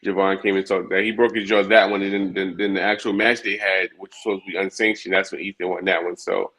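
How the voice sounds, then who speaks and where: A man with a fairly low voice talks through a casual chat. He rambles, repeats himself and fills the gaps with "you know" and "like". His delivery is loose and unscripted. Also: level tone, fast talker, sharp tone. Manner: rambling, many restarts and fillers. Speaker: podcast co-host.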